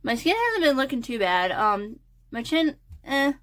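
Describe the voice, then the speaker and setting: A woman's voice: high-pitched, big pitch swings, a little slow, fairly bright tone. A young woman talking in a casual, hesitant ramble full of fillers while getting ready. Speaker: crochet and design vlogger.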